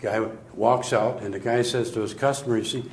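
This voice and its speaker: A man's voice: medium pitch, normal speed. Older man telling jokes in an echoey room. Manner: animated joke telling, acting out voices. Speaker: sales trainer and speaker. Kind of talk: humorous storytelling talk to an audience. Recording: echoey room with faint noise.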